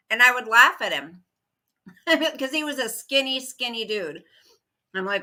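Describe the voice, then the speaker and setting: Her voice is high-ish, bright, and forceful, with lively intonation, a measured pace, and frequent pauses. The middle-aged woman is hosting a casual livestream and chatting with viewers, wandering through a story while greeting people by name as they join.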